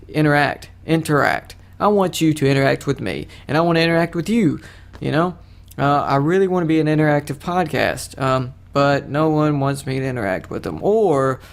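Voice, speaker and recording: A young podcast host with a slightly high, gravelly voice rambles through a solo episode, cracking crude jokes at his own expense. He talks loosely and casually, constantly restarting and drifting into asides.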